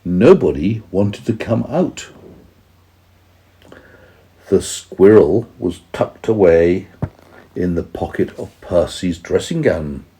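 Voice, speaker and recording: A man reads a bedtime story to a small child in a deep, mellow voice. He goes slowly and patiently. His pitch rises and falls expressively as he pauses to explain words. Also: lively intonation. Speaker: parent reading to his child.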